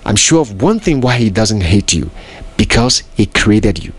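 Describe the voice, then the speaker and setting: A podcast host delivers a preaching monologue in an emphatic, repetitive style packed with rhetorical questions. His voice is on the low side, husky and sing-song, at a normal speed.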